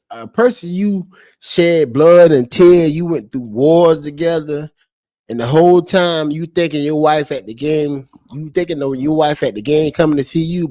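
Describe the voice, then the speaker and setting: A man talking straight to his stream chat in a fired-up, cursing way, circling back to the same lines again and again. His voice sits a bit high for a man. The sound is dry and close, with no room echo. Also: mellow. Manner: heated, profane and repetitive, restating each point. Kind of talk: unscripted live-stream commentary.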